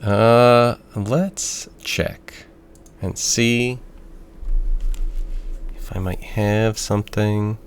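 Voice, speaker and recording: A man's voice: on the low side, steady tone, drawn-out words, long pauses, a little hiss or hum. A man playing a tabletop game online, speaking in a tentative way. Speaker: player.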